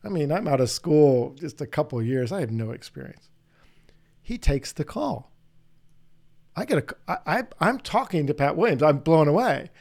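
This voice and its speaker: A middle-aged man hosting an interview, telling long, animated anecdotes in a casual, rambling way. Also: on the high side, moderate pace, vocal fry. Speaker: podcast host.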